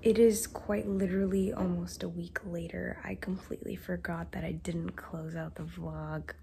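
A teenage girl vlogger giving a late-night wrap-up, talking quietly in a half-whisper because her parents are asleep. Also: lowish voice, flat delivery, moderate pace, vocal fry, slight background noise. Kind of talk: whispered casual vlog wrap-up. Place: home at night.

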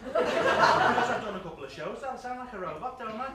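A man's voice: very high voice, expressive, a little fast, heavy reverb, heavy background noise. A man doing camp, gossipy, bawdy stand-up in character, laughing through his lines. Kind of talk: live stand-up character comedy. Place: small live comedy venue with audience. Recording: live theatre recording from a distance with loud crowd.

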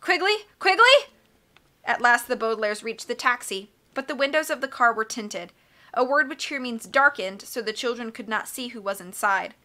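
A woman reading a children's storybook aloud, with lively, expressive narration and small slips that she corrects as she goes. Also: a little high, normal speed. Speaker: audiobook reader.

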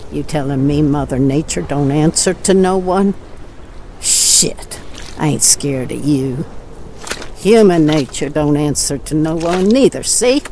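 A woman's voice: low-pitched, a little mellow, a little hiss or hum. An actress playing a destitute older woman ranting, in an audio drama. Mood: defiant. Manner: furious ranting, drawling rural speech. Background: rain.

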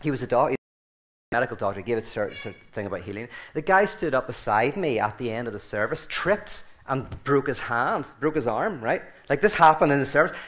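A man's voice: mid-range voice, lively intonation, brisk, fairly bright tone. An Irish man giving an informal talk to a group, rambling and often restarting his sentences, with a joking, storytelling manner. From Ireland. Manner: rambling, self-correcting, joking. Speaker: guest speaker.

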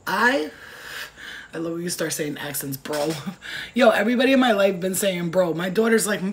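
A woman's voice: fairly low pitch, expressive, normal speed, a little hiss or hum. A woman giving a casual tarot reading in a brash, profane, rambling way, wandering off on tangents. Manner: goes off on tangents. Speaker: tarot reader.

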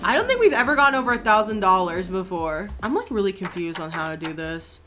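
A young woman streaming a game, commenting excitedly, swearing freely and talking to her viewers. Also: medium pitch, brisk, loud music behind the voice. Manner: excitable, profane, talks to the chat. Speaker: gaming streamer. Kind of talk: casual gameplay commentary.

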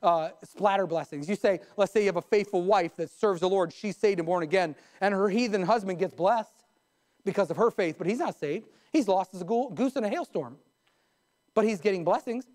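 A man's voice: sits high, brisk, a little mellow. Man preaching a sermon in church. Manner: asks the congregation questions; tells stories to illustrate points. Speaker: pastor.

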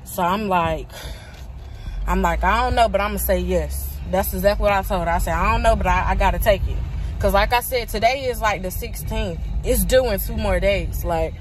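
A woman's voice: medium pitch, normal speed, soft background music. A woman chatting casually to her viewers in a family vlog, telling a story from her storage unit. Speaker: family vlogger. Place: storage unit, partly outdoors.

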